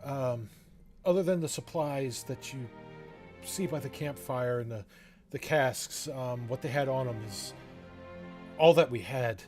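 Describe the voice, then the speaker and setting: A man's voice: medium pitch, measured pace, pauses often, darkish tone, faint music behind, close to an everyday voice. A man voicing a frightened male elf army deserter who stammers and pleads in a shaky voice. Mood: pleading, terrified.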